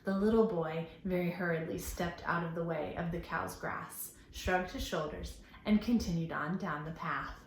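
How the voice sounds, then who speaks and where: A woman librarian reading a story aloud to children at storytime, expressive and asking them questions. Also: fairly low pitch, normal speed, few pauses, roomy sound, slight background noise.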